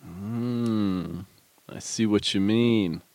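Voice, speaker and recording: A man's voice: lowish voice, very slow, darkish tone, no room sound. A man co-hosting a podcast, riffing with jokes and banter in casual chat.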